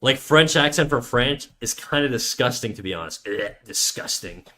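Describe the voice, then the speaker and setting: Man, live streamer, drawing-stream chatter, crude jokey banter, frequent swearing, medium pitch. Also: lively intonation, normal speed, bright, forceful tone. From Canada. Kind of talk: casual live-stream chat while drawing.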